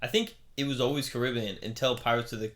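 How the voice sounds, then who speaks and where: A man's voice: medium pitch, fairly even intonation, fast, crowd noise. A young man co-hosting a casual podcast, joking around and teasingly repeating words. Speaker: podcast co-host. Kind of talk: casual chat.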